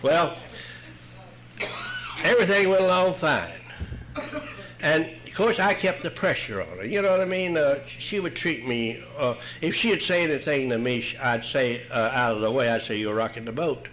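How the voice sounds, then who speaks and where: Folksy older man, lively voice. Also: on the high side, normal speed, slight background noise, rough recording. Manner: folksy, wry, chuckling. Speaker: recovery meeting speaker. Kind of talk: humorous personal storytelling talk.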